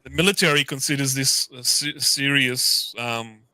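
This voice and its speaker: A man's voice: mid-range voice, moderate pace, bright, forceful tone, no room sound, poor audio. A man on a casual panel show who jokes and repeats phrases.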